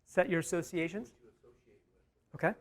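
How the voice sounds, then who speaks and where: A man's voice: high-pitched, steady tone, moderate pace. A man leading an interactive Bible study, emphatic, repeating key words and putting questions to the group.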